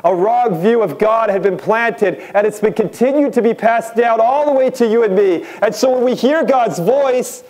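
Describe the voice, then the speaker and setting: Pastor guy preaching, fairly high voice, lots of questions to the crowd, goes low and slow for the big words. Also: darkish tone. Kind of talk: sermon. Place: church sanctuary.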